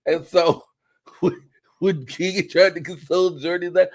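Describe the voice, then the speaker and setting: A man hosting a podcast, telling a funny story in casual chat with big excited outbursts. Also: fairly high pitch, a little fast, slightly rough. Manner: animated, swings into loud excited shouts and laughs. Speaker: podcast host.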